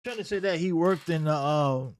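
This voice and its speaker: A man's voice: fairly high pitch, normal speed. A young man hosting an unscripted reaction show, ranting in a heated, incredulous and profane way. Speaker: commentary show host.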